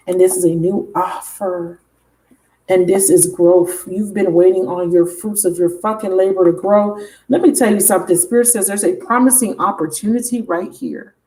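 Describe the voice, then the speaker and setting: Excitable, swearing woman tarot reader. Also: lowish voice. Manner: excitable, emphatic, swears freely, addresses viewers directly. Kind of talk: casual tarot reading to camera.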